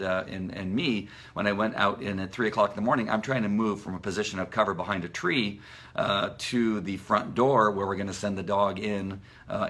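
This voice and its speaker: Bright, rambling man on a live stream. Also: fairly low pitch. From Southern California. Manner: rambling, with many fillers and restarts; bursts into loud shouted dog commands. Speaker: police K9 trainer. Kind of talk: casual live-stream talk.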